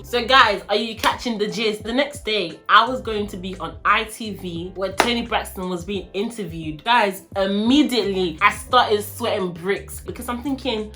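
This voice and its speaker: Bright, animated woman vlogger. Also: mid-range voice, moderate pace, soft background music. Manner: animated, dramatic storytelling. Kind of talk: storytime vlog.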